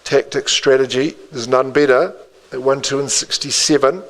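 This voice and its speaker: A man working as an auctioneer, calling bids in a rhythmic patter, repeating the figures with quick asides to the room. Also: medium pitch, fairly even intonation, poor audio.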